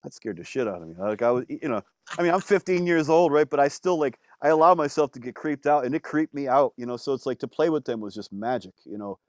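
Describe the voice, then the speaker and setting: A man, a musician guest, telling stories in a casual interview, animated, with lots of fillers and some swearing. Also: medium pitch, fast talker, no room sound, clean studio sound.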